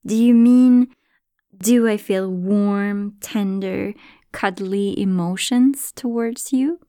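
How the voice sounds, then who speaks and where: A woman voicing a wise giraffe puppet who explains things calmly and patiently. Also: mid-range voice, takes it slowly, no echo, clean studio sound, close to an everyday voice.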